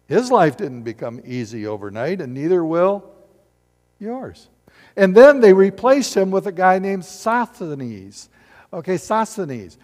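In a church sanctuary, a middle-aged pastor preaches a sermon, animated and firing rhetorical questions at the congregation. His voice sits high, and the recording carries a long hall reverb.

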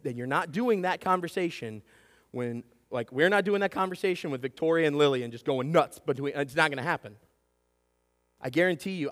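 A man in his thirties preaching a sermon, telling stories with lots of energy and often asking "right?" to the congregation. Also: a little high. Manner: animated storytelling, acts out shouting and whispering, keeps asking "right?". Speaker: pastor. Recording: long hall reverb.

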